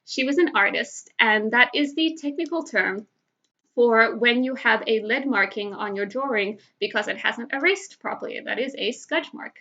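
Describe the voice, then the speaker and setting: A woman's voice: on the high side, normal speed, bright, forceful tone. A woman hosting a live game show from home, chatty and giggly as she tells stories. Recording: dull lo-fi livestream audio.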